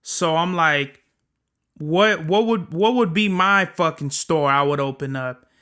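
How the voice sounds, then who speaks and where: A man's voice: a little high, measured pace, pushed and bright, clean tone. A young man hosting a solo podcast, talking in a profane, rambling, slangy way. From Southern California. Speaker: podcast host. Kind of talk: casual solo podcast monologue.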